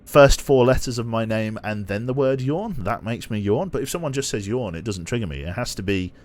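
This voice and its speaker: Live-streaming a train game, this young British man speaks in a low, expressive voice at a fairly quick pace, with a slight hiss or hum. His casual commentary is playful and self-deprecating as he teases viewers, yawns and laughs at the chat.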